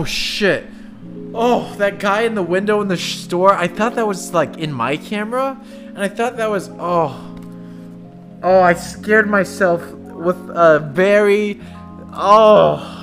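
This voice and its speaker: A man's voice: high-pitched, lively intonation, moderate pace, fairly bright tone, faint music behind. Jumpy streamer man playing horror. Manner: jumpy, nervous, talking to chat. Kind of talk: live horror game commentary.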